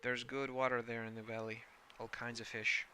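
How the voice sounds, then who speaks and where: A man's voice: mid-range voice, little pitch movement, moderate pace, pushed and bright, slight background noise. A man voicing a jovial old male sailor and fisherman, talking in a hearty, folksy way.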